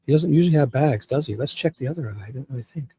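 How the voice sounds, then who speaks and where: A man's voice: mid-range voice, expressive, racing, warm tone, a little hiss or hum. A man co-hosting a casual true crime live chat, easygoing and supportive.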